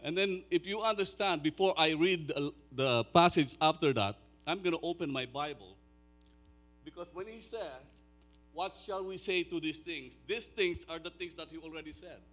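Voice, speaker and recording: A man in his sixties preaching a sermon, chatting with the congregation and then swelling into loud, slow, emphatic declaiming. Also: a little high. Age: 60s. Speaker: pastor.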